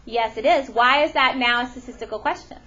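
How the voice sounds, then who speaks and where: A woman teaching a math lesson to a classroom, animated and often questioning her students. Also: a little high, brisk, lo-fi sound.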